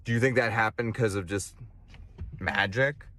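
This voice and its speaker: A man delivering a profane, sarcastic comedic rant, swinging between loud outbursts and muttered asides. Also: on the low side, normal speed, slight background noise.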